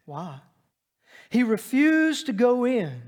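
A man preaching a sermon dynamically, swinging between loud emphatic lines and hushed ones. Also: high voice, expressive, unhurried. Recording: long reverb of a large hall.

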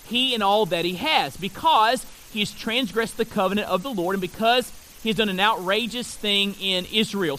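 High, bright-voiced man preaching a sermon. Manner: reads scripture aloud, stresses key words with pauses. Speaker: pastor.

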